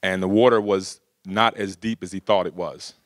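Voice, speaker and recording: A middle-aged man speaks to a workshop audience in a low, steady voice at a moderate pace, recorded in studio quality with no echo. He tells stories casually, filling them with plenty of "you know" and "right?"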